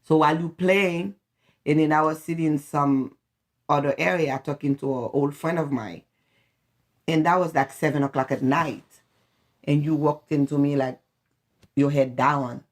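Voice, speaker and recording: A woman's voice: low-pitched, moderate pace, pauses often. A woman from Haiti with a Haitian accent, telling family stories in an interview and laughing often. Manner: animated, lively storyteller who laughs often. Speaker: interviewee, the host's mother.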